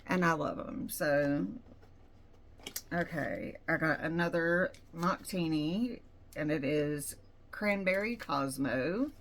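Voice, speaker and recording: A woman's voice: sits low, slow, slight background noise. A woman vlogger chatting casually through an unboxing at home, rambling and frank with her opinions.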